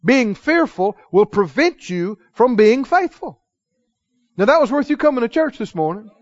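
A man preaching a sermon in church, emphatic, drawing call-and-response from the congregation and slowing down to stress key phrases. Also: extremely high pitch, sing-song, dull audio. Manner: slows for key phrases, acts out dialogue in quoted voices. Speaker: pastor.

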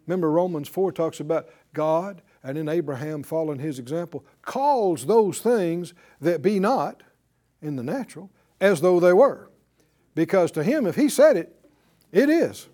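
A man's voice: on the high side, expressive, normal speed, warm tone. An older man preaching a sermon, drawing call-and-response from the congregation and retelling conversations. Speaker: pastor.

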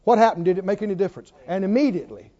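Rapid-fire and warm, a high-voiced man with big pitch swings preaches emphatically, peppering his audience with rhetorical questions and lengthening key words for effect. The church recording is echoey, dull and lo-fi.

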